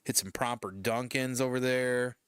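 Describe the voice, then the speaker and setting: A man's voice: medium pitch, fairly even intonation, moderate pace, a bit bright, clear, resonant tone. A man from Michigan streaming casual chat while painting, rambling loosely and swearing now and then. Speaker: streamer host.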